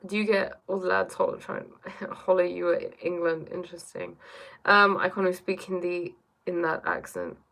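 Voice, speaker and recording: A woman's voice: lowish voice, expressive, moderate pace, vocal fry, a bit bright. A woman hosting a casual live stream from her bedroom, reading chat aloud and musing reflectively, often checking in with "right?" and "you know?". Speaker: livestream host reading chat.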